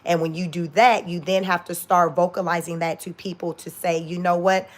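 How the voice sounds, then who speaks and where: A woman's voice: fairly low pitch, level tone, a little fast. A woman in her forties hosting a casual livestream, blunt and profane, often breaking into laughter. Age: 40s. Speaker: livestream host.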